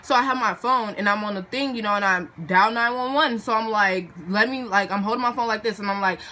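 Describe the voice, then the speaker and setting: A woman's voice: medium pitch, a little fast, fairly bright tone. A teenage girl telling a storytime vlog in a chatty, dramatic way with lots of fillers, acting out the people in her story. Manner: chatty and dramatic, filler-heavy, acts out voices. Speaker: vlogger.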